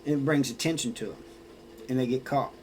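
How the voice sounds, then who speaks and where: A man's voice: medium pitch, fairly quick, slight background noise, poor audio. A man who served time in prison talks casually about life inside, plainspoken, often restarting his sentences and adding "you know.". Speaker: former prisoner sharing experiences. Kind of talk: casual storytelling monologue.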